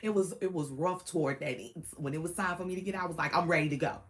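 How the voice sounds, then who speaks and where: A woman's voice: lowish voice, fast talker. Woman veteran chatting to camera. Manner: animated storytelling with laughs and slang. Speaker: Marine veteran vlogger. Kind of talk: casual chat to camera.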